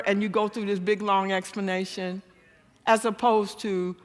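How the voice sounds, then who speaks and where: A woman giving a church seminar talk, telling stories animatedly and jumping to a high voice when she acts out quotes. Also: little pitch movement, normal speed, in a large hall. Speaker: guest speaker. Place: church hall.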